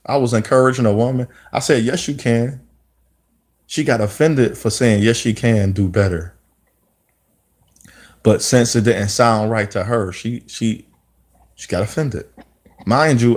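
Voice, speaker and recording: Man preaching at the camera, repeats himself for emphasis, regular pitch. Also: a little mellow. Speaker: speaker giving commentary. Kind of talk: impassioned monologue.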